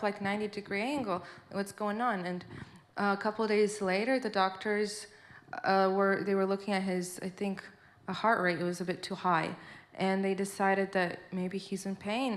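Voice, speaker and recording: A young woman sharing her testimony alongside her husband. She speaks plainly and hesitantly, with many fillers. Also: mid-range voice. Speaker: mother giving testimony.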